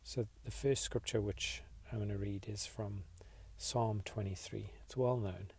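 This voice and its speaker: Reflective male podcast host leading a slow meditation, low-pitched, husky, very even tone. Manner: slow, reflective, soft-spoken.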